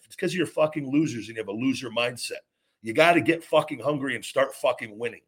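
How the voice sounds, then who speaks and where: Hosting his own podcast, a man with a mid-range, slightly bright, husky voice launches into a blunt rant thick with profanity. He keeps repeating himself and restarting his sentences.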